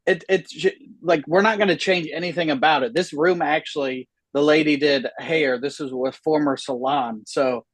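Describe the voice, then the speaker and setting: A man in his thirties doing stand-up from a room at home over a video call, chatty and self-deprecating, chuckling at his own lines. His voice sits a little high for a man, and the sound is dry and close. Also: fairly even intonation, normal speed, hardly any pauses, no echo, rough recording. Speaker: stand-up comedian. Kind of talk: stand-up comedy set. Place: home room, a former salon.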